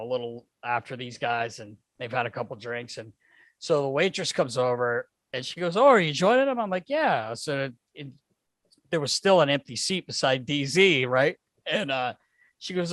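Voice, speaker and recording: A man's voice: medium pitch, a bit bright, dry recording. A middle-aged man co-hosting a podcast, telling hockey road stories in a boisterous, laughing way and swearing often. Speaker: podcast co-host, former hockey player. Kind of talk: casual storytelling chat.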